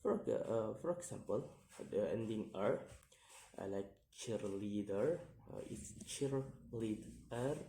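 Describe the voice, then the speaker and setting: A man explaining a pronunciation lesson hesitantly, with many fillers, slowly repeating each example word. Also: lowish voice, animated, vocal fry, mellow, slight background noise. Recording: echoey room.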